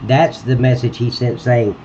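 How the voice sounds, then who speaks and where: A man's voice: mid-range voice, flat delivery, moderate pace, warm tone, highs cut off, slight background noise. A man livestreaming while he edits a game map, talking bluntly and cursing freely as he chats to viewers. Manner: blunt and profane, ranting at a critic. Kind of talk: live-stream chat while editing.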